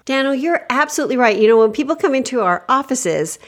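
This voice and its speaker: A woman co-hosting a comedy podcast, trading dry, deadpan absurd ideas in improvised banter. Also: high-pitched, fast. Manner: puts on a mock 1940s transatlantic accent. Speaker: podcast co-host.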